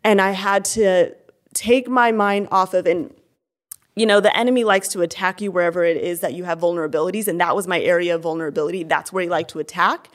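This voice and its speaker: A woman's voice: lowish voice, fairly even intonation, fast. A young adult woman giving a candid personal testimony as an interview guest, talking earnestly with many fillers and restarts.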